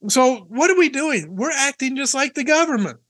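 A man's voice: extremely high pitch, animated, normal speed, sharp tone, dry recording. A man co-hosting a casual Christian podcast, joking and teasing as he talks, chuckling often. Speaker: podcast co-host.

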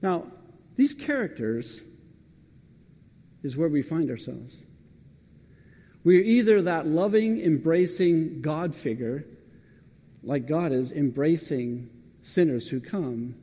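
A man preaching a sermon in a church, his voice a touch high but mellow and dark in tone. He talks in a conversational way and keeps turning to the congregation with direct questions. His words ring out with the long reverb of a large hall.

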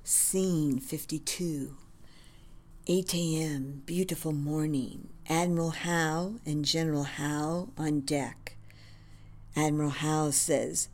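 A woman reading a screenplay aloud, narrating scenes in a reverent, measured manner. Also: low-pitched, fairly even intonation, a little mellow.

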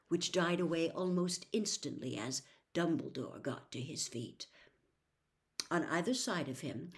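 Slow, steady woman storyteller. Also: fairly low pitch. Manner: steady, expressive narration. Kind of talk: reading a novel aloud.

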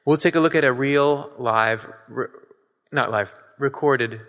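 A man preaching in a relaxed but emphatic way, reading scripture aloud and then talking it through with his listeners. His tone is bright and forceful. The hall around him rings with a long reverb. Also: medium pitch, a little slow. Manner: conversational, emphatic, asks the audience questions. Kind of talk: casual sermon with scripture reading.

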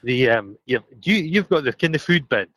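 A man's voice: medium pitch, a little fast, no room sound. Scottish guy, ill and out of breath, rambling on a phone while out in the street, dry sound. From Scotland. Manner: rambling, excitable, swearing freely. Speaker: podcast co-host. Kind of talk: casual chat on a phone call.

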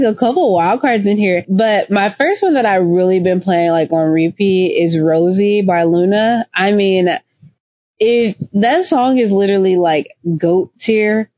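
Animated woman co-host, dull lo-fi sound. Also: mid-range voice, measured pace, no echo. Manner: animated, emphatic, laughs often. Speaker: podcast co-host. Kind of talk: casual chat. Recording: dull lo-fi dry recording.

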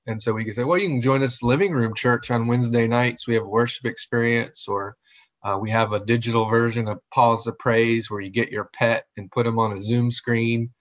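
A male pastor talking casually and animatedly, often acting out what other people say. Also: medium pitch. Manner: animated, acts out quoted voices. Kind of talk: casual conversation. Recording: dull lo-fi audio.

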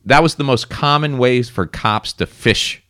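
A man's voice: medium pitch, unhurried, pushed and bright, no room sound, studio quality. A man from South Florida, co-hosting a podcast, telling a rambling and profane story in casual chat. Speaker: podcast co-host.

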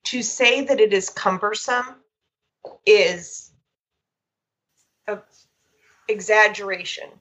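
A woman dog trainer chatting casually, animated and storytelling, with quick asides. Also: mid-range voice. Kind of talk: casual conversational chat.

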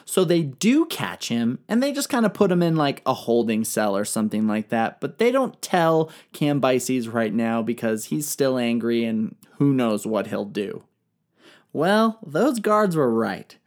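A woman's voice: extremely low pitch, sing-song, a little slow, a little mellow. A woman retelling ancient history in a comedic, irreverent style, full of slang, swearing and jokes. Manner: irreverent, profane, slangy, jokey.

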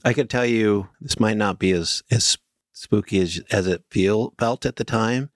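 A man co-hosting a podcast, reading listener stories aloud in a steady way and teasing his co-host in casual chat. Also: lowish voice, a little slow, no echo, clean studio sound.

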